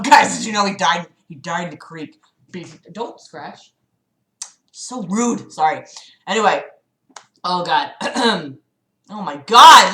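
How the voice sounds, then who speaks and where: A woman reads a book aloud on her livestream, then cuts in with exasperated, sarcastic asides and plenty of swearing. Her voice is bright and forceful, and the room around her rings with echo. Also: mid-range voice. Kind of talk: dramatic reading with mocking commentary. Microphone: streaming mic.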